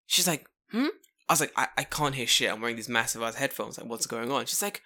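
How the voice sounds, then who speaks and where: A young man with a London accent tells a story on a podcast with lively energy. His voice is bright and forceful, and he swears freely while acting out every voice in the tale. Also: medium pitch, fast talker. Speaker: podcast co-host. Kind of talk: casual storytelling chat.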